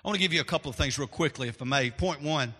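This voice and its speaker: A man preaching a sermon as pastor, swinging from loud to hushed, in a church sanctuary. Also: a little high, very fast. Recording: long hall reverb.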